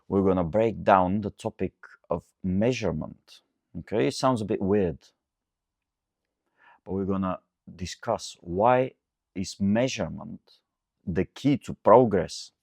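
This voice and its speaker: A man with a very deep voice hosts his own podcast alone and vents about what annoys him. He talks casually, breaks off to correct himself, and speaks into a dry, close microphone with no room sound. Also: unhurried, creaky, dry recording. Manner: ranting, animated, self-correcting. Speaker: podcast host and coach. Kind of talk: solo podcast monologue.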